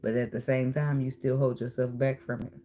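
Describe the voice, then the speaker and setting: A woman gives a casual, animated tarot reading, talking straight to her viewers. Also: a bass voice, brisk, slight background noise. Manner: animated, talks to viewer, bursts into song and laughter. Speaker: tarot reader.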